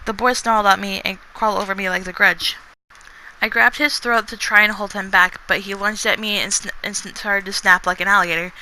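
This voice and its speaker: Woman, author reading aloud, very bright tone, frequent restarts, faint background hiss. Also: medium pitch, low-quality recording. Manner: stumbling reading with frequent restarts and self-corrections; breaks off to comment on her own writing. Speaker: author reading her own book. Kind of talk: casual read-aloud of a story chapter.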